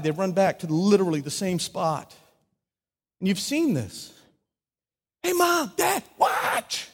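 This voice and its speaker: High-voiced pastor preaching in a hall. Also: male voice. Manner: conversational, acts out little scenes with wide swings from loud to hushed. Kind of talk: sermon. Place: church sanctuary. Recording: hall reverb.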